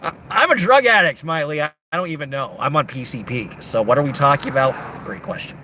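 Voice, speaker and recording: A man's voice: a little high, lively intonation, fast, bright, forceful tone, a little hiss or hum. A young man livestreaming late at night, reading chat comments aloud and joking around. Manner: joking, playful, reads comments aloud in shifting voices.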